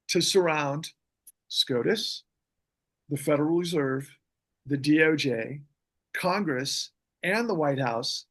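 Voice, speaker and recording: A middle-aged man hosting a podcast, ranting about politics in a fiery, rambling way with many restarts. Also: on the high side. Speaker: podcast host. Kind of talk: impassioned political talk.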